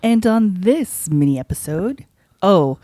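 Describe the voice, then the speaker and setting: A woman's voice: medium pitch, lively intonation, a little slow, warm tone, no room sound. A woman hosting a podcast in casual chat, who tells stories and acts out what people said. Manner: chatty, storytelling, acts out quotes. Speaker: podcast host.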